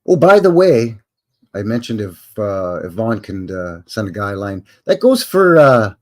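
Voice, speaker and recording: Folksy older Canadian man, lively voice. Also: fairly low pitch, unhurried. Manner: rambling, folksy and jokey, with slangy asides. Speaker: livestream host. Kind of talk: casual live chat.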